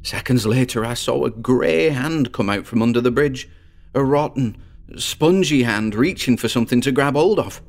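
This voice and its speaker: A man's voice: mid-range voice, normal speed, natural voice. A man playing a boastful teenage boy who tells a ghost story and builds suspense. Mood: spooky.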